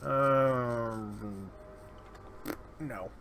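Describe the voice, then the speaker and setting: A man's voice: mid-range voice, drawn-out words, vocal fry, a bit bright, a little hiss or hum. A man giving casual, sardonic gameplay commentary, muttering his way through lists of items. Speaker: let's play host. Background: keyboard typing.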